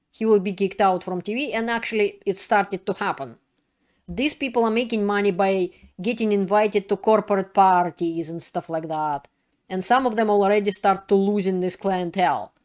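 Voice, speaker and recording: A woman giving an indignant, emphatic video commentary in non-native English with broken grammar. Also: mid-range voice. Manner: indignant, emphatic, plain-spoken. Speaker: political commentator.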